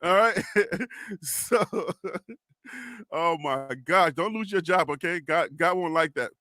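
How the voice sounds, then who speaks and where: Male live-stream host, high voice, dry close sound, excitable and teasing. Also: takes it slowly, dry recording. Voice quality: self-described radio voice. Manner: excitable, teasing, shouts out chat names. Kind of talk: casual live-stream chat.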